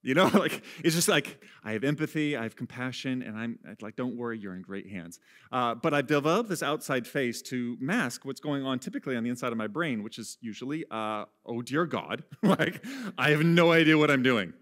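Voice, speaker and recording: A pastor preaches with a medium-pitched voice, lively intonation, and a fairly quick pace. He talks conversationally, laughs at himself a lot in a self-deprecating way, and shifts between hushed whispers and raised, loud lines.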